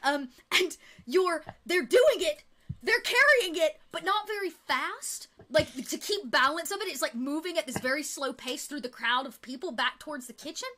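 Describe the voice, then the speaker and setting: A woman runs a tabletop fantasy game as game master. Her voice is high, bright and very lively, and she narrates with giggles and plenty of um's. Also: normal speed. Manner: giggly, full of fillers.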